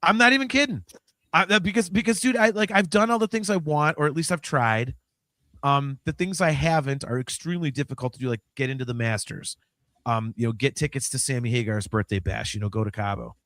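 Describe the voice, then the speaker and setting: Fifty-ish guy ranting on a podcast, swears a lot, goes quiet then loud, mid voice, dead dry sound. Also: mid-range voice, brisk, no room sound. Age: 50s. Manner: animated, swings from mumbling to loud outbursts; swears freely. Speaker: podcast host. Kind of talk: casual chat.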